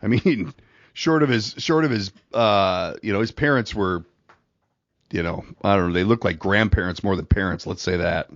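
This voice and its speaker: A man's voice: lowish voice, moderate pace, no room sound, highs cut off. A middle-aged man co-hosting a podcast, telling a long rambling story in casual chat and laughing through it. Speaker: podcast co-host.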